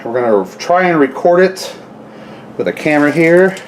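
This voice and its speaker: A man's voice: a little high, lively intonation, moderate pace, slight background noise. A man talking casually through a home how-to vlog, rambling into chatty asides as he works in his kitchen. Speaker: gun owner vlogger.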